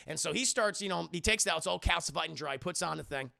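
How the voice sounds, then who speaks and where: Guy streamer rambling thru a movie recap to chat, swears a lot, high voice with heavy fry. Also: fast talker, pushed and bright. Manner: rambling and profane, talks straight to his chat. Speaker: streamer reviewing a film. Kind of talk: casual live-stream recap.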